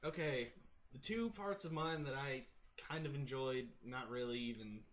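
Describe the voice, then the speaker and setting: A man's voice: medium pitch, moderate pace, crowd noise. A man in his twenties insistently defending his view in a casual film debate. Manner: insistent, dismissive.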